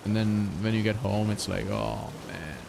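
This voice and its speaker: A man's voice: lowish voice, level tone, normal speed, gravelly, background noise. A young man in his twenties streaming a game, chatting casually with viewers, swearing freely and laughing often. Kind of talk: casual chat with stream viewers while gaming.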